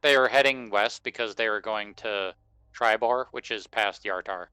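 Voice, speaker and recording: A man's voice: fairly low pitch, moderate pace, bright, forceful tone, smooth, no room sound, low-quality recording. A man playing a tabletop game who asks practical questions about tactics. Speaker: player.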